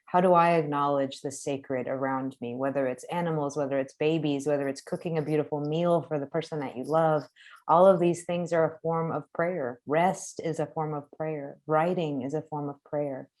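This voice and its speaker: A woman's voice: low voice, fairly even intonation, normal speed, darkish tone. A woman leading a poetry class over a video call, effusive and encouraging, laughing often.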